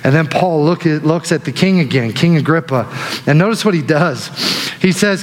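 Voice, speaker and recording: A man preaching a sermon as pastor, telling stories in an animated way that swings between loud and hushed. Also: on the high side, moderate pace. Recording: long hall reverb.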